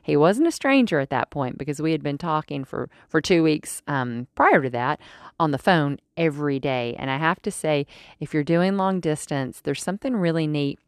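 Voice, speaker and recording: A woman in her forties hosting a podcast, telling a personal story in a chatty, animated way with fillers and restarts. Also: low-pitched, moderate pace, clear, resonant tone, dry recording, clean studio sound. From United States. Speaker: podcast host. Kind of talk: casual storytelling monologue.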